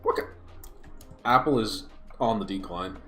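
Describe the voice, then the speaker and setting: A young man ranting in a casual livestream, exasperated and swinging his pitch widely, recorded on a smartphone. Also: unhurried, bright, forceful tone, faint music behind. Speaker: YouTuber streaming a watch party.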